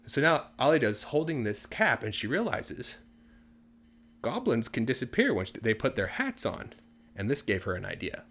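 A man casually telling a folk tale for English learners in a relaxed, chatty way with many fillers. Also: medium pitch, moderate pace. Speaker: storyteller.

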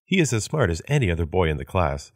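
A man reading English practice sentences aloud in a measured way for learners. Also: deep voice, sing-song, dry recording, clean studio sound. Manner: measured, repeats each sentence after the woman. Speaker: English phrase reader.

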